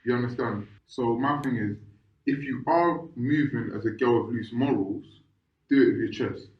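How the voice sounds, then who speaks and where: A man's voice: medium pitch, moderate pace. A man, co-hosting a podcast in casual chat, rambling with many restarts and checking if you understand. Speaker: podcast co-host. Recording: echoey room, slightly muffled sound.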